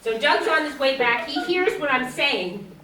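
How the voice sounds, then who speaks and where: A woman's voice: high-pitched, lively intonation, normal speed, bright, forceful tone, a little hiss or hum. A woman in her sixties performing a stand-up comedy set, telling stories, acting out the dialogue and laughing at her own jokes. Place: small comedy stage. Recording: roomy sound from a distance.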